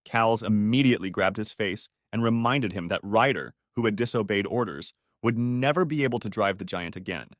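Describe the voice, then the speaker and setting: A man narrating a comic story recap in a steady, even reading of reported speech. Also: fairly low pitch, a little fast, few pauses, dry recording, clean studio sound.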